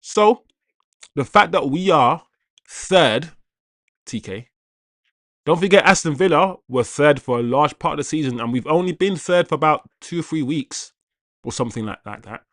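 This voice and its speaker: A man's voice: a little high, animated, moderate pace, fairly bright tone, no echo, studio quality. A man hosting a live football watch-along stream, talking casually and chattily to his viewers, repeating himself and greeting viewers by name.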